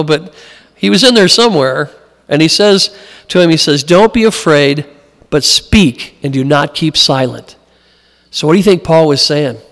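A man's voice: on the high side, moderate pace. Preaching man in a reverberant hall. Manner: conversational preaching, acts out quoted voices. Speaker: pastor. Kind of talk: sermon.

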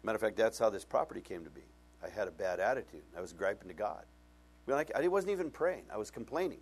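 A man's voice: mid-range voice, very animated, quick pace, slightly rough. A middle-aged male pastor preaching a sermon, telling personal stories and acting out both sides of conversations with self-mocking humor.

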